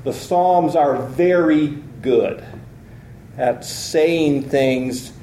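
A man's voice: on the high side, very slow, mellow, slight background noise. A man teaching a Bible lesson in an earnest, step-by-step lecture manner, reading scripture aloud and explaining it. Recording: echoey room recording.

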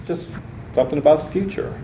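A man's voice: a little high, fast talker, dark tone, a little hiss or hum. A man teaching a Bible lesson in an earnest, step-by-step lecture manner, reading scripture aloud and explaining it. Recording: echoey room recording.

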